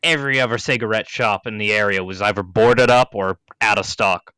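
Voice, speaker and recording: A man playing a tabletop role-play game, talking in character in a gruff, weary way. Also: on the low side, fairly quick, pushed and bright, dry recording, rough recording. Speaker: player.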